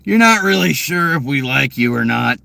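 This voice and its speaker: A man's voice: medium pitch, lively intonation, normal speed, gravelly, bright, forceful tone, no room sound. A man vlogging from his car, telling a casual story in a rambling, profane way full of fillers and restarts.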